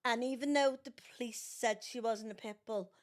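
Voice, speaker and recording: Animated older woman telling stories. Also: fairly high pitch, normal speed. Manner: animated storyteller acting out quotes in raised voices. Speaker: podcast guest, mother of the host. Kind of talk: casual storytelling chat.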